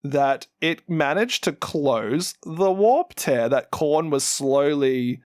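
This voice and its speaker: A man's voice: on the high side, lively intonation, slow, darkish tone, no echo, clean studio sound. A man with a New Zealand accent, co-hosting a podcast and animatedly retelling lore, laughing often and acting out what characters say. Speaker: podcast co-host.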